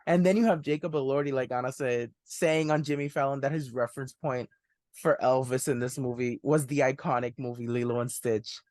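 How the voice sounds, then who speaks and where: A young man hosts a film review podcast, chatting about movies casually and enthusiastically, often laughing mid-sentence and saying "one hundred percent." His mid-range voice is fairly quick, a little mellow, with fairly even intonation, in clean studio sound with no echo.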